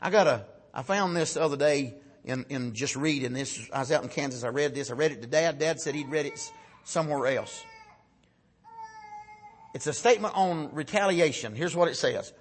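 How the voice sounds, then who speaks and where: A man preaching a folksy sermon, swinging from loud shouted peaks down to low, quiet asides. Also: moderate pace, slight background noise.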